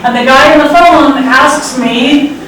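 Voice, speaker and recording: This live storytelling comes from an American woman in her sixties whose high voice keeps a fairly even intonation and measured pace. Wry, sarcastic and self-deprecating, she tells a true story on stage, heard through a distant mic in a very echoey hall with background noise.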